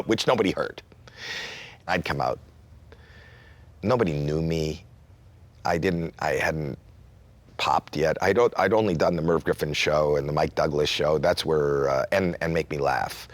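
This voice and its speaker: A man in his sixties from Canada, a comedian telling a story in an interview and acting out quotes with sudden jumps in pitch. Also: animated, unhurried. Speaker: comedian guest.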